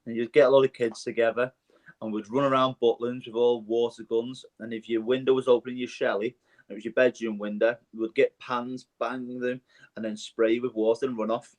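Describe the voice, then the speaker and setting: A man's voice: mid-range voice, level tone, brisk, a little mellow. Chatty man telling stories. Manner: chatty storyteller who laughs often. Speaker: singer and former holiday camp entertainer. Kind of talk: casual chat.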